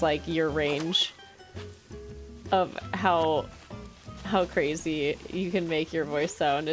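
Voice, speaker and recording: Chatty, excitable woman streamer. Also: sits low. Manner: chatty and excitable, full of "like" and quick reactions. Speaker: live streamer. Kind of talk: casual chat while playing a game on stream.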